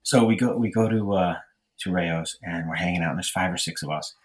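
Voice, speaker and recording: A man's voice: deep voice, brisk. A young man telling a long personal story in a casual chat, rambling with lots of fillers and restarts. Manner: rambling, self-deprecating, frequent fillers and restarts. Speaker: podcast storyteller.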